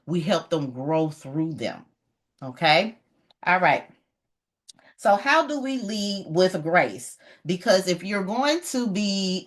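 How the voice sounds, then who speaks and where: A middle-aged woman talks about leadership in an animated, emphatic way. She repeats her main points for weight. Her voice sits a little low for a woman. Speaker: leadership educator. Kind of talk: motivational talk.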